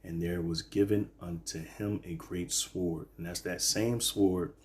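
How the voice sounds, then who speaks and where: Very deep-voiced man teaching scripture. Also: steady tone, very noisy. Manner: halting, many fillers and "all right"s; reads verses slowly then explains. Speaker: bible teacher.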